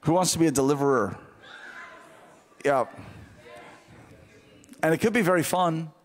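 A man preaching a revival sermon, telling a story in a lively way and building to shouted fervor. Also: on the high side, measured pace, big-room sound. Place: large church auditorium.

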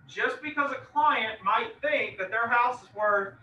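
A male real estate instructor giving an animated classroom lecture and quizzing his students by name. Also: very high-pitched, measured pace, slight background noise. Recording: echoey classroom from far off, dull.

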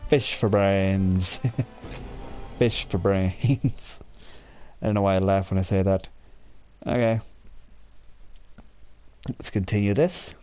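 A man's voice: mid-range voice, mellow, smooth, dry recording. A young man casually commentating a video game, joking, rambling and a bit crude. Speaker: gameplay commentator. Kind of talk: casual let's-play commentary. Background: game music.

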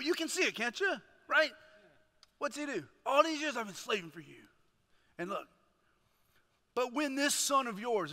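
A male chaplain preaches with lots of energy and keeps checking in with his listeners. His voice sits high and bright, almost sharp. Long reverb from the church hall trails after each phrase. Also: normal speed, pauses often. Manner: animated, calls to the congregation with "right?". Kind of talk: energetic sermon retelling a parable. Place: church sanctuary.

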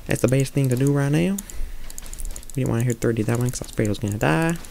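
A man's voice: medium pitch, fast, vocal fry, mellow, a little hiss or hum. A man giving casual live commentary on his own gameplay, thinking aloud as he plays.

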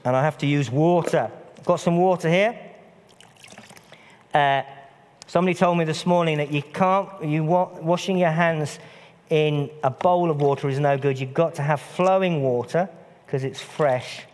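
A man's voice: a little high, moderate pace, darkish tone. Earnest preacher man, long church reverb. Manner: earnest, repeats phrases for emphasis. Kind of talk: sermon. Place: church hall.

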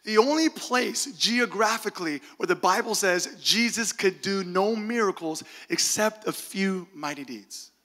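A man preaching a sermon, telling lively stories with laughs and quoted asides. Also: sits high, unhurried, hardly any pauses, big-room sound. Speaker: pastor. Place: church sanctuary.

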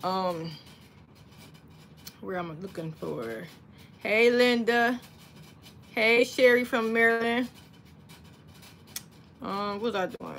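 Woman, livestream host, bright crisp voice, slightly high, chatty, faint background hiss. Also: takes it slowly, pauses often. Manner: chatty, greets viewers by name. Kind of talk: casual livestream chat. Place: home crafting space.

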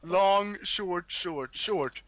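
Bright-sounding guy calling out signals in a co-op game, laughs a lot. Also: sits high, very slow. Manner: calls out signals, laughs easily. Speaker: bomb defuser in a co-op game. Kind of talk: casual gaming chat.

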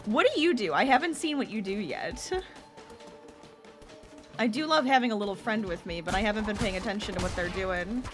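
A woman streaming a video game, chatting excitedly and reacting aloud to her viewers. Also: medium pitch, fairly quick, long pauses, over music. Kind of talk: casual gameplay commentary.

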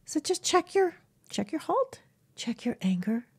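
A woman animal communicator giving casual, gentle self-help advice to camera, often dropping into a soft whisper. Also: high-pitched, sing-song, unhurried.

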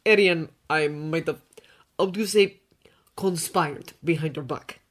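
A woman voicing a friendly, easygoing young man with a warm, relaxed manner, in a fanfiction audiobook reading. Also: on the low side, normal speed, lightly acted.

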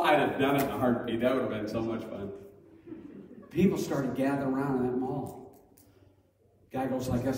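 A middle-aged man telling a personal story as a Sunday school teacher, lively and acting out the voices of others. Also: medium pitch, a little fast, slight background noise. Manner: animated, acts out quoted voices loudly. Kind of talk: storytelling sermon. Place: church hall. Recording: echoey hall from far off.

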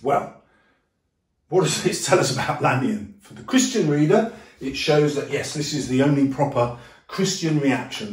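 A male teacher, giving a lively, jokey lesson and acting out quotes in funny voices. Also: medium pitch, moderate pace, recorded from a distance. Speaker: English teacher. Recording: echoey room, voice a little off-mic.

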